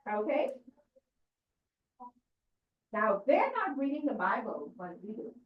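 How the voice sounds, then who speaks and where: A woman's voice: on the high side, very animated, takes it slowly. A woman giving a teaching lecture on scripture, checking in with her listeners with questions as she goes. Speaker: church lecturer. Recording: distant echoey dull room recording.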